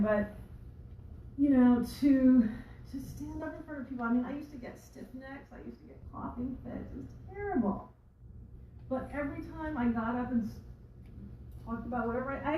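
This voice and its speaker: A woman's voice: fairly high pitch, dull audio, a little hiss or hum. A woman coach giving a motivational talk to a live audience, chatty and rambling, with many restarts and asides. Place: library event room. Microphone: room recording from a distance. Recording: echoey room, voice far from mic.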